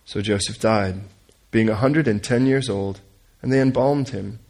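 A man reading a Bible passage aloud to a group in an earnest, unhurried way, now and then stumbling and correcting himself. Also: lowish voice, a little mellow. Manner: earnest reading with stumbles and corrections, coaxes listeners to repeat names. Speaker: Bible teacher. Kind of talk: reading scripture aloud and leading prayer.

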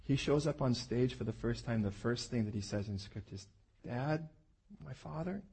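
Husky-voiced middle-aged male preacher. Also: medium pitch, normal speed, a little mellow. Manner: conversational, emphatic preaching. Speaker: pastor. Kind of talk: sermon.

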